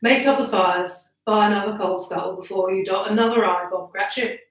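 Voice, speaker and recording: A woman voicing a gruff old male miser in a storybook reading, hearty and booming, recorded in an echoey room away from the mic. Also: a little fast, far from the mic, close to an everyday voice. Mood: jovial. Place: home room by a wood burner.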